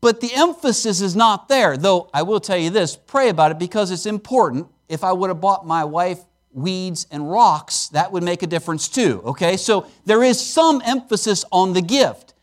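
Lively high-voiced male preacher. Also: moderate pace, few pauses. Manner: animated, conversational, emphatic with playful asides. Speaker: guest preacher at a missions conference. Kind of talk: sermon. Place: church service.

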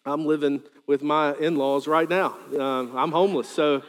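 High-voiced preacher in a reverberant hall. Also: male voice, normal speed. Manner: animated, joking asides, rising to shouted quotes. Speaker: pastor. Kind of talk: sermon.

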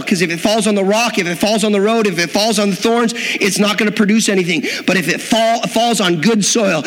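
High-voiced preacher in a reverberant hall. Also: male voice, fairly bright tone. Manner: preaching with rising intensity, acting out quoted voices. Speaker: pastor. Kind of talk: sermon. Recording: long reverb in a hall, faint music behind.

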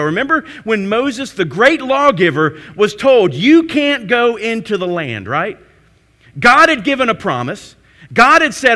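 A man preaching a sermon, questioning his listeners and answering himself, with swings between loud emphasis and hushed intensity. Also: sits high. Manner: asks the congregation questions and answers them himself. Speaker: pastor.

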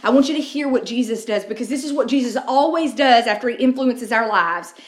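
Middle-aged woman pastor, casual storytelling sermon, a touch high, roomy echo. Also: lively intonation, brisk. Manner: conversational storytelling with frequent restarts.

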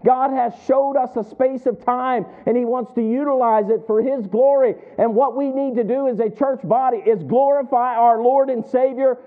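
A man's voice: extremely high pitch, normal speed, few pauses. A man preaching a sermon to his congregation, asking them questions and waiting for answers back. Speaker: pastor. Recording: tinny phone-like sound.

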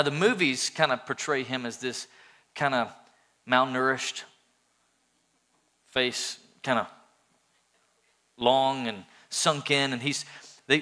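A man preaching a sermon as a pastor, earnest and animated, with many restarts. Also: medium pitch.

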